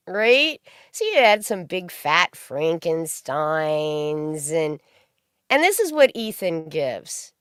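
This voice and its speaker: A woman's voice: deep voice, sing-song, slow pace, fairly bright tone, clear, resonant tone, no room sound, clean studio sound. A woman hosting a stream, giving a profane, mocking commentary rant.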